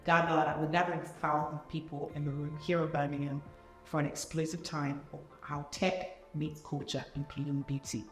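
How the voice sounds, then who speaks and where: A woman's voice: sits low, level tone, moderate pace, echoey room, soft background music. A woman hosting an interview, affirming her guest with frequent "mm-hmm"s and speaking with fillers and restarts. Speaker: interviewer and event host. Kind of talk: warm conversational interview.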